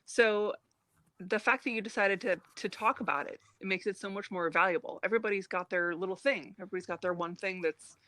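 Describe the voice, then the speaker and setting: A woman's voice: medium pitch, a bit bright. A woman hosting an interview podcast, encouraging her guest with affirmations and reflective comments. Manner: encouraging, frequent affirmations and laughter. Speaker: podcast host. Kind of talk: supportive interview conversation.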